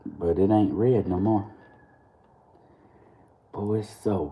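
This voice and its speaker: A man's voice: fairly low pitch, fairly even intonation, unhurried, pauses often, highs cut off. A young Southern man from Georgia, chatting casually on his morning live stream and telling a rambling story with frequent laughter. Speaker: host of a live morning show.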